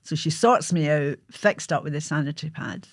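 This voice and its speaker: A woman's voice: low voice, moderate pace, dry recording, clean studio sound. A Scottish woman hosting her own show, telling a personal story in a vivid, blunt way and swearing freely.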